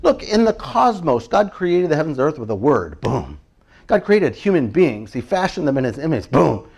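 With a high, light voice and a fairly quick pace, a male pastor preaches a sermon. He keeps it chatty and animated, laughing frequently and acting out the prayers he quotes.

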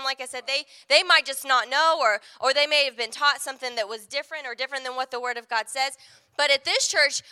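A woman's voice: sits high, bright, forceful tone. A woman pastor giving a conversational sermon, often checking in with the congregation with asides like "right?".

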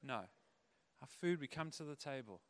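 A man preaching a sermon, animated, acting out the voices of the people in his stories. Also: mid-range voice, moderate pace. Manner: animated, acts out quoted voices. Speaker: pastor.

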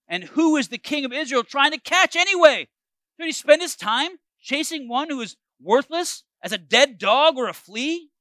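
A man reading as a young male warrior on the run, earnest, pleading, high and lively voice, bright, dry close sound. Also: no echo, heavily acted.

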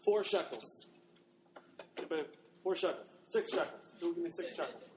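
A man's voice: fairly high pitch, expressive, normal speed, darkish tone, lightly acted. A man playing a male slave auctioneer who calls out bids in a market. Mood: brisk. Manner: calling out prices. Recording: long hall reverb, faint noise.

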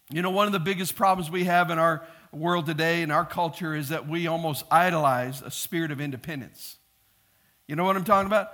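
Pastor, male, high and bright voice, animated storyteller who acts out the shouts. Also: normal speed. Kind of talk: sermon.

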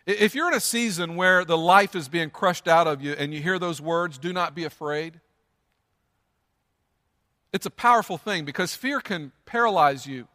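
A pastor's expressive sermon moves at a moderate pace through a church sanctuary, earnest and emphatic, with points pressed home by repetition. His voice is high and bright, trailed by the large room's long reverb.

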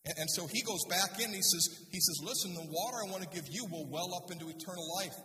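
A man's voice: high voice, quick pace, pushed and bright, a little hiss or hum. A male pastor preaching a sermon in a conversational way, reading scripture and asking the congregation rhetorical questions, in a church sanctuary. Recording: echoey hall, speaker far from mic.

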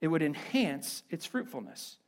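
Pastor, male, fairly high voice; lively, chatty sermon delivery with joking asides. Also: normal speed. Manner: animated, conversational, playful asides. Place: church.

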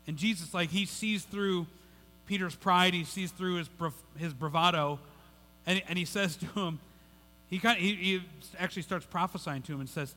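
A male pastor gives a sermon in a relaxed, conversational way, repeating words and restarting sentences as he goes. His voice sits high and bright. It carries through a large hall with a long, lingering reverb. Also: moderate pace.

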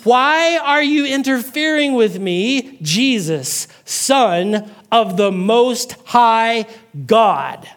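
A desperate demon-possessed man begs not to be tormented, as a male preacher reads him out in a sermon. The voice rides high and strained, pushed louder than plain talk. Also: animated, very slow, exaggerated voice. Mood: pleading.

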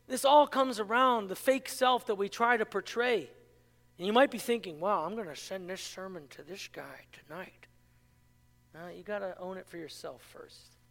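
A man's voice: high voice, fairly bright tone, big-room sound. A man preaching a sermon as pastor, impassioned, with rhetorical questions and self-mocking humor. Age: adult, married.

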